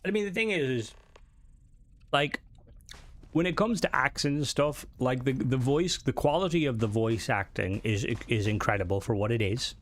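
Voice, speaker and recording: A man's voice: medium pitch, animated, moderate pace. A young man with an Americanized Irish accent, streaming a game live and chatting with viewers in a casual, rambling way with frequent swearing. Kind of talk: live gameplay commentary.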